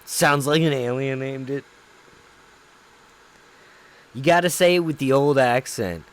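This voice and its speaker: A man's voice: medium pitch, normal speed. A man with a Southern US accent, hosting a livestream and chatting casually with his viewers in a rambling, profane, laid-back way. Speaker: livestream host.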